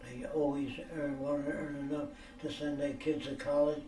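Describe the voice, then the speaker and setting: A man's voice: a little high, level tone, normal speed, mellow, slight background noise. An older American man telling stories in a rambling, lecture-like way, blunt and profane, often checking whether listeners understand. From United States. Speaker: speaker answering questions. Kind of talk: rambling lecture-style storytelling. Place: private room for a question session. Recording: echoey room, mic at a distance, faint ambience.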